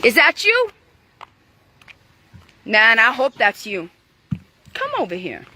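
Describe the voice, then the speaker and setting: A woman outdoors in front of her house, ranting on a livestream at a neighbor, swearing and often shouting. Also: on the high side, huge pitch swings, slow. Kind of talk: angry livestream rant.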